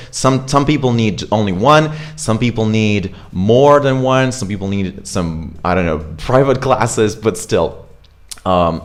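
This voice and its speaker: A man teaching English pronunciation in an online accent lesson, repeating example words slowly and chatting casually with fillers. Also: on the low side.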